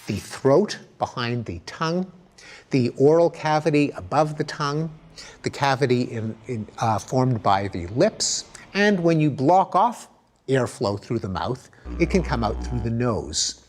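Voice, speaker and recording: A man giving an academic lecture, explaining with lively emphasis and spoken examples. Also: mid-range voice, unhurried.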